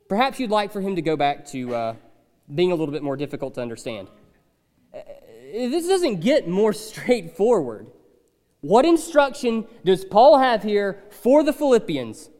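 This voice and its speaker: A man's voice: high voice, big pitch swings, moderate pace, darkish tone, long reverb tail. A man preaching a conversational sermon, emphatic and repeating key phrases. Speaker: pastor.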